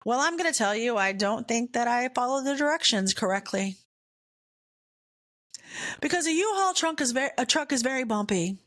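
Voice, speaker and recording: A woman podcast host telling a candid, humorous personal story in an animated way. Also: a little high, moderate pace, pauses often, no echo, clean studio sound.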